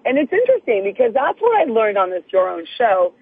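A woman with a husky, raspy morning voice talks in an effusive, chatty stream, higher-pitched than most. Her voice comes through a narrow, tinny phone line. The sound is dry and close. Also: sing-song, quick pace, dry recording. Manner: chatty, effusive, laughs often. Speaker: guest, TV news reporter. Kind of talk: phone interview.

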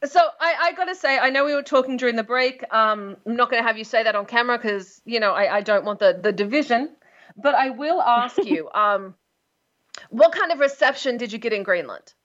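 A woman's voice: a little high, expressive, a little fast, fairly bright tone. A woman hosting a radio talk show, upbeat and breezy as she interviews her guest, in a slightly dull recording.

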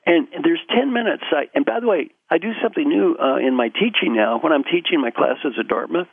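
Older male coach, lively storytelling, gravelly and dry, phone-line sound. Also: a little high, brisk, no echo. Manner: animated storyteller, acts out quotes. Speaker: guest, executive coach. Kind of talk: storytelling interview answers.

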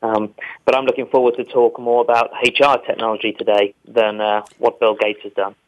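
A man speaking as a guest on a radio panel, measured and polite, pausing with fillers. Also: fairly low pitch, little pitch movement, highs cut off, a little hiss or hum. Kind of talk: casual radio chat.

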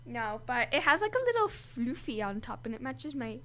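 A woman's voice: fairly high pitch, very animated, moderate pace, a crowd in the background. A teenage girl co-hosting a kids' radio show, chatting casually and giggling often. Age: teens. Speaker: co-host.

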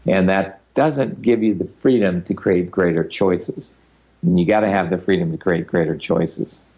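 An older man with a notably deep, low-pitched voice speaks in an easygoing, loose way. He rambles through his answers in a relaxed interview, with a teasing edge now and then. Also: a little slow, husky. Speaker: guest speaker and facilitator.

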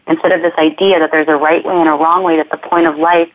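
A woman talks in an earnest, flowing way, looping back over her own phrases as she explains. Her voice sits a little low and comes through a thin, phone-like line. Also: little pitch movement, quick pace. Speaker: guest, movement teacher. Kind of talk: reflective conversational interview.

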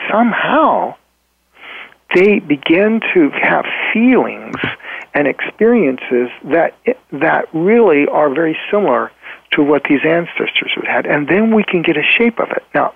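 A man with a deeply gravelly, husky voice tells a client story as an interview guest. He speaks in an earnest, halting way, full of ums and restarts. The sound is dry and tinny, like a phone line. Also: no echo. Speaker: guest therapist.

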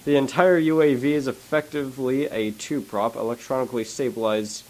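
Sick-voiced male co-host, middle pitch, casual banter over gadget news. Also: fairly even intonation, fairly quick, darkish tone. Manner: reads gadget news with joking asides. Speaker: co-host of a tech show.

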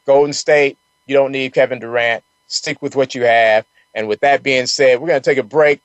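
A man hosting a sports talk radio show, sharing his opinions in an easygoing way with plenty of "uh" and "you know." His voice sits at an ordinary pitch and is recorded close and dry, with no room sound. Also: fairly even intonation, normal speed, clear, resonant tone, dry recording, dull audio. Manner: conversational, opinionated, frequent fillers. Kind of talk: casual sports commentary.

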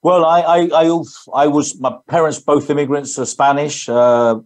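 A man's voice: fairly high pitch, moderate pace, a little mellow. A man in his fifties with an English accent, answering interview questions in an earnest, rambling way with frequent restarts. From England. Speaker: guest entrepreneur.

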